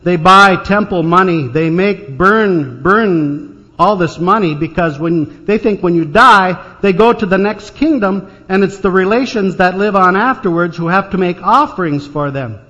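Folksy pastor in a reverberant hall. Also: male voice, high-pitched, unhurried, hardly any pauses, pushed and bright. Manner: folksy, anecdotal, with dry jokes. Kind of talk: storytelling sermon. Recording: dull sound in a reverberant church hall.

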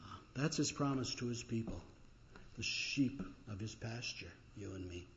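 An earnest male pastor delivering a sermon in a middle-pitched voice. He talks plainly with frequent fillers, slowing down and lifting his voice when he quotes scripture. The recording sounds a bit dull and lo-fi. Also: a little hiss or hum.

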